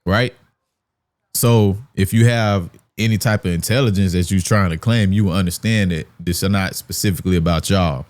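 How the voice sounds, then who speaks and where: A man commenting on a debate clip, explaining his view in a firm, measured way. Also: low voice, darkish tone, no room sound. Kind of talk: reaction commentary.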